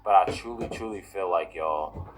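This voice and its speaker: A man with a very low, deep voice talks casually to his viewers in reaction commentary. He repeats himself often and fills every pause with "you know" and "y'all". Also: slight background noise, low-quality recording. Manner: repetitive, heavy use of "you know" and "y'all". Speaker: political commentary vlogger.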